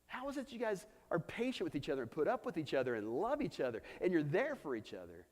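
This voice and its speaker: A man preaching a sermon to his church, telling a personal story and challenging the room. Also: fast talker. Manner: personal storytelling, animated pitch. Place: church hall. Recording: long hall reverb.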